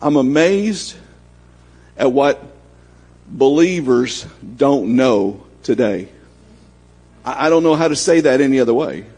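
Husky-voiced preacher, folksy and conversational. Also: male voice, mid-range voice, expressive, takes it slowly, long pauses, darkish tone. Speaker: pastor. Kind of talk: sermon.

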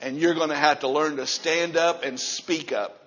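A man preaching a sermon as pastor, moving from low, quiet passages up to loud, shouting stretches. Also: steady tone, normal speed, lo-fi sound.

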